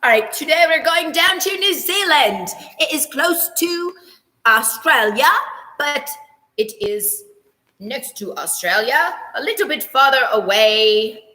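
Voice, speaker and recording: Speaking slowly in a large hall, this woman has a high, animated, pushed and bright voice. She's a teacher hosting a fun morning meeting for children, singing brief transition tunes and joking at her own expense.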